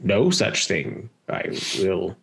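A woman's voice: extremely low pitch, expressive, slow pace, gravelly, pitched below the performer's own voice, heavily acted. A man voicing an old, greedy duergar woman who leads a tribe and mocks her guests slyly. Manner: sly, mocking, sloppy eater. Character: old greedy duergar matriarch, amused and cackling.

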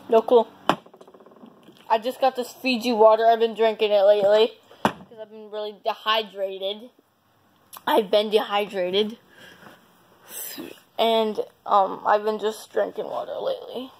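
A woman's voice: medium pitch, a little mellow, slight background noise, rough recording. A woman chatting casually on her vlog, rambling and repeating herself as she shows off her belongings. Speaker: vlogger.

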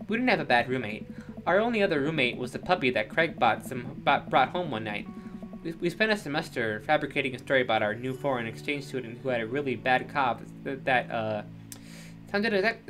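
A woman's voice: extremely low pitch, lively intonation, a little fast, over music. A woman hosting a let's play, chatting casually and joking as she plays a game. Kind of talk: casual gameplay commentary.

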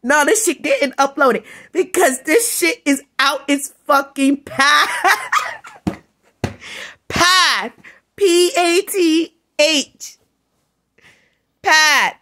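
A woman's voice: high voice, animated, takes it slowly, bright, forceful tone. A tired woman vlogging in a profane, scornful rant, breaking into laughs between jabs. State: tired, up all night. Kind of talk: profane ranting monologue.

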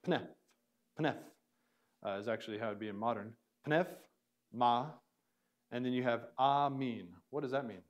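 In a mid-range voice, a male teacher goes through a classroom lesson, breaking words down slowly into syllables and quizzing his students.

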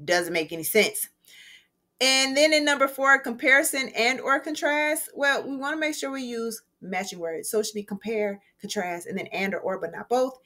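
A woman's voice: fairly high pitch, moderate pace, sharp tone. Woman teacher explaining an essay lesson. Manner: friendly, conversational, explaining step by step. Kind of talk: recorded writing lesson.

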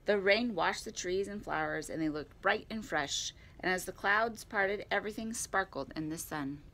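A woman at a library storytime, reading a picture book aloud in a clear, expressive way. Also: mid-range voice, normal speed.

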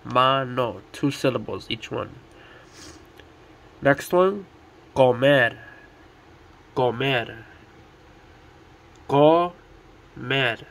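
Very slow, patient male tutor. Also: medium pitch, fairly bright tone, slight background noise. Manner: slow, deliberate, repeating each word. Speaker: Spanish tutor. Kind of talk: teaching vocabulary at a board.

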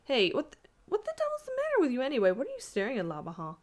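A woman's voice: mid-range voice, animated, natural voice. A woman reading aloud, voicing a brash, skeptical young American man who scoffs at superstition. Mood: animated. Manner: scoffing, brisk. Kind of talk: audiobook reading.

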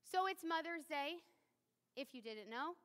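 A woman's voice: high voice, expressive, measured pace, a bit bright, big-room sound. A woman in her thirties preaching a sermon in a church, candid and self-deprecating, talking to the congregation like a friend. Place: church sanctuary.

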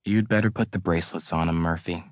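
A man playing a hard-bitten police officer who questions a suspect in a slow, half-friendly, judging drawl. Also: low-pitched, steady tone, no room sound, clean studio sound, lightly acted. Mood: menacing.

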